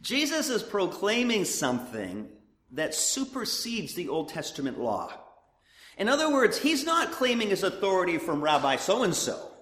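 Animated man teaching in an echoey hall. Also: high voice, normal speed. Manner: animated, conversational, with frequent restarts. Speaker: Bible teacher. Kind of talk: sermon-style Bible teaching.

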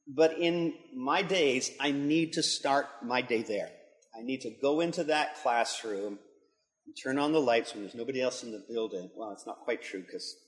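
A middle-aged man, a pastor and school leader, giving an earnest devotional talk that builds to emphatic intensity. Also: mid-range voice. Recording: long hall reverb.

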